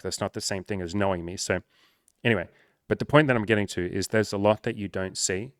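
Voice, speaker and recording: A man's voice: lowish voice, brisk, a bit bright, dry recording. A young man speaking candidly and emotionally to camera, swearing freely and close to tears. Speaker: coach and content creator. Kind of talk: emotional personal talk to camera.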